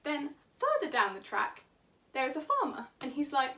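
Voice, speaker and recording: A woman vlogger in a chatty, animated infodump who laughs as she talks. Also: high-pitched, moderate pace, distant mic. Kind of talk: enthusiastic casual infodump.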